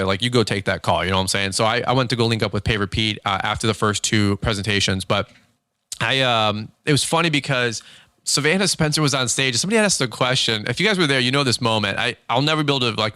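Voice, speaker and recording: A man hosting his own channel, telling a rambling, animated story with lots of fillers and restarts in a casual vlog recap. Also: medium pitch, no echo. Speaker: show host.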